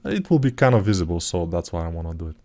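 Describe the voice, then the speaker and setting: A man talking through his 3D sculpting work in a live tutorial, thinking aloud in a relaxed, self-deprecating way, with typing heard behind him. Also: low-pitched, fast. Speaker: 3D artist tutor.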